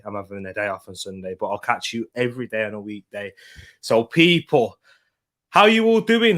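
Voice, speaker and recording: Tired, chatty man hosting a stream. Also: fairly high pitch. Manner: chatty, greets viewers and reads out chat comments; slangy shout-outs. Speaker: football watchalong streamer. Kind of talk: casual live-stream chat. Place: at home streaming from a laptop.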